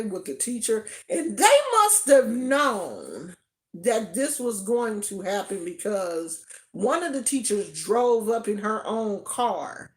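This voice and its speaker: Woman, higher voice, unhurried, animated casual storytelling, laughs a lot. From Oakland, California. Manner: animated, laughs often, acts out quoted voices.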